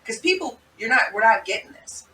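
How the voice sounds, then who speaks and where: A woman hosting a vlog, telling a story in a chatty, animated way. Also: on the high side, fairly quick, a little hiss or hum. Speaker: vlog host. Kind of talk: casual commentary. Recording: echoey room, mic at a distance.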